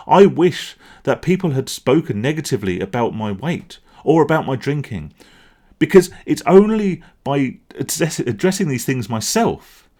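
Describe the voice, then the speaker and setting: A man's voice: medium pitch, a little mellow. A middle-aged man, ranting bluntly in a vlog and swearing as he makes his point. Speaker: vlogger.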